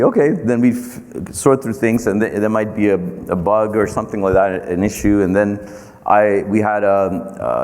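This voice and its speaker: A man being interviewed about his company, telling a long anecdote in a halting way, with many fillers and restarts. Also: lowish voice, a little mellow, in a large hall. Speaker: company founder and CEO. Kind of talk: storytelling interview.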